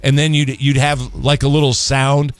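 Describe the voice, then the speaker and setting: A man's voice: mid-range voice, flat delivery, moderate pace, no room sound, faint music behind. A man hosting a radio morning show, rambling and joking through casual banter with lots of restarts.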